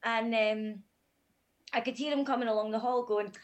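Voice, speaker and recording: A woman's voice: on the high side, steady tone, normal speed. A woman guest on a podcast, telling a hard personal story in a frank, matter-of-fact way.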